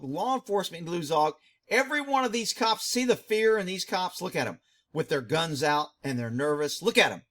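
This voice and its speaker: A man's voice: a little high, a bit bright. A middle-aged man, a former police dog handler, giving blunt, indignant commentary on a video.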